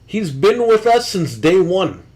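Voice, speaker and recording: A high-pitched man hosting a casual podcast, ranting in bursts and swearing freely. He hammers his points home with repeated asides and hammy emphasis. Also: big pitch swings, unhurried. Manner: profane, loud, ranting. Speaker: podcast co-host.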